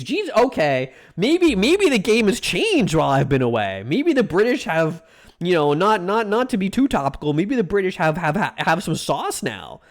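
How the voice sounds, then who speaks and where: A man's voice: high voice, very animated, normal speed. A young man streaming, reacting to food with casual, mock-outraged rants and plenty of swearing.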